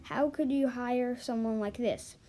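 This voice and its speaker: A woman's voice: a little high, unhurried, mellow, natural voice. A woman reading the lines of a rude, pushy, bigoted mother in a spoken online story.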